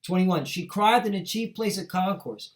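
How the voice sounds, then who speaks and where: A middle-aged man delivers a fiery street sermon in a fairly high voice. He reads verses, then rants with profanity, tagging nearly every line with "all right?" or "man". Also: lively intonation, normal speed. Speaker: preacher. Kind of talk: street sermon reading scripture.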